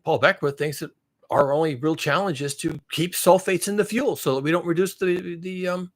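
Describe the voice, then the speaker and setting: A man's voice: a little high, normal speed. A man delivering a heated, profane monologue, mocking and piling up repetitive lines as he builds. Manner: mocks others in sarcastic voices. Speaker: climate commentary channel host. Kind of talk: angry monologue rant.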